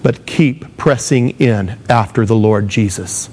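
A man's voice: fairly low pitch, slow pace, darkish tone, slight background noise. A man delivering a sermon as a pastor, speaking with emphatic rises and acting out the words of the people he quotes.

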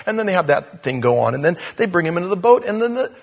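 Husky-voiced man preaching in a hall. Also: a little high, expressive, fast talker, hardly any pauses. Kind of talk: sermon.

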